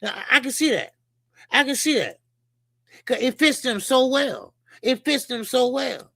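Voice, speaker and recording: Brief: man, boxing show host, high gravelly voice, profane animated rant. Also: unhurried, no echo, studio quality. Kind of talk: casual boxing commentary.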